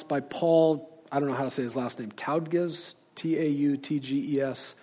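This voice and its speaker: A man with a somewhat higher-than-usual voice talks through books in a relaxed, informal way. He is reflective and hesitant, often pausing with fillers as he gathers his thoughts. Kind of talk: informal book recommendations with read-aloud quotes.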